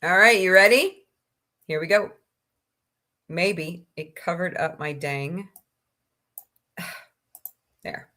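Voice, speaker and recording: A woman's voice: on the low side, slow pace, long pauses, pushed and bright. A woman hosting a casual livestream, chatting in a rambling way, sniffly, and greeting viewers by name. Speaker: livestream host.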